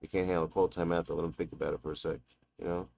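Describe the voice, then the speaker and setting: A man's voice: low voice, little pitch movement, very fast, gravelly, a little mellow. A man streaming a basketball video game, taunting and mocking his opponent with a profane, trash-talking manner. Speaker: gaming streamer. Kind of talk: live gameplay trash talk.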